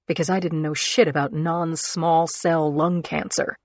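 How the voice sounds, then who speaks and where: A woman narrating a crime thriller audiobook in the first person, measured and earnest. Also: sits low, fairly even intonation, no echo.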